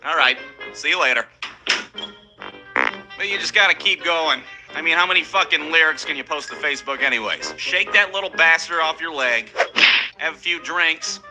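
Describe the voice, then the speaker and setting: A man's voice: a little high, fairly quick, music in the background, rough recording. A man telling profane comic stories on stage, ranting and acting out people in raised voices. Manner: rants loudly, acts out people in raised voices. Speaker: stand-up comedian.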